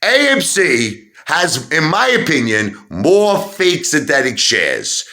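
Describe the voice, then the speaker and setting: A middle-aged man ranting heatedly to his viewers about stocks, repeating himself and rising to shouts. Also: fairly high pitch, slow pace. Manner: animated, repetitive, rising to shouts. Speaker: stock market video host. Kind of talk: heated opinion rant.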